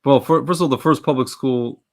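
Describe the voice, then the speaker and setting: A man co-hosting a podcast, talking in a hesitant, halting, agreeable way. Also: medium pitch, gravelly. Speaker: podcast co-host. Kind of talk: casual chat.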